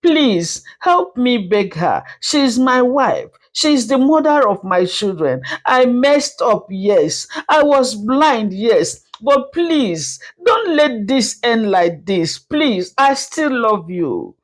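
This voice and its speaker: A woman's voice: a little high, sing-song, slow pace, few pauses, voice pushed up, full character voice. A woman voicing a remorseful husband begging for forgiveness, in an earnest pleading tone.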